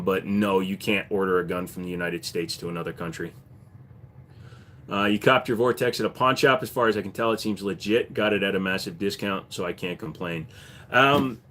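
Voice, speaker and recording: A man's voice: on the low side, a bit bright. A man hosting a casual livestream, a firearms dealer who reads viewer questions aloud and answers them in a laid-back way, with many ums.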